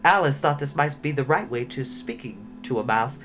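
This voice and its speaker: Low-voiced woman reading a storybook. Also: moderate pace, soft background music. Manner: expressive, adds casual asides. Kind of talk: reading a children's book aloud. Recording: dull lo-fi with faint hiss.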